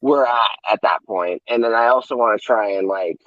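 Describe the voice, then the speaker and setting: A man's voice: on the low side, moderate pace, fairly bright tone, no echo. A man, an author, chatting casually in a loose, self-mocking, profane way. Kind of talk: casual chat. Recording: dull lo-fi audio.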